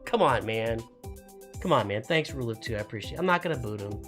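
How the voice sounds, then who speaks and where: A man's voice: mid-range voice, lively intonation, quick pace, fairly bright tone, soft background music. A middle-aged man hosting a casual live stream, talking in rambling, self-interrupting bursts.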